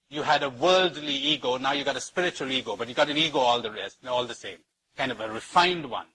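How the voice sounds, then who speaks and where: Slightly high, husky male spiritual teacher; slow, emphatic delivery with anecdotes and repeated phrases. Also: a bit bright, poor audio. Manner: slow and emphatic, with repetition and wide pitch swings; storytelling with anecdotes. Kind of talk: spiritual talk to an audience.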